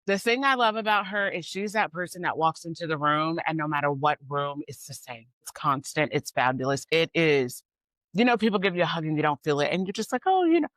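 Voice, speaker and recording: A woman hosting a podcast who gushes warmly and calls out to her listeners as "y'all" and "squad", sounding excited and emotional. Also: low-pitched, a little fast, dry recording. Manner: effusive and gushing, talks straight to listeners as "y'all" and "squad". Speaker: podcast host and coach. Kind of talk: upbeat podcast chat.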